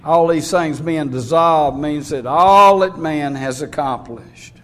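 A man preaching a sermon in a folksy way, reading scripture and building to fervent, loud passages. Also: fairly high pitch, slow pace. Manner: folksy, rising to fervent shouts when preaching.

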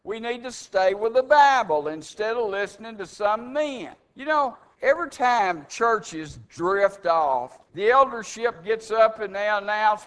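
A man preaching with a high, resonant voice. He hammers his points home with rhetorical questions and mocking asides, and his voice rises to loud stresses. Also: expressive, a little slow, hardly any pauses, clean tone. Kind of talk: sermon.

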